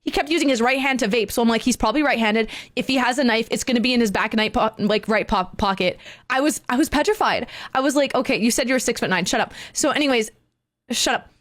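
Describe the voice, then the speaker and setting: A woman streamer excitedly retelling a story to her chat in casual talk, with gamer slang. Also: fairly high pitch, fast talker, no echo.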